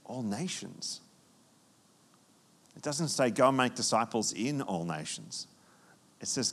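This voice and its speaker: A man preaching a sermon, with animated storytelling and frequent restarts. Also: lowish voice. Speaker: pastor.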